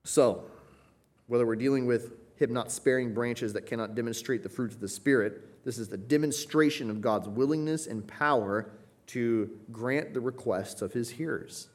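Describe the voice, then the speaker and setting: A man teaching a Bible passage, earnest and emphatic, slowing down to explain Greek wording and often checking in with "right?". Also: medium pitch.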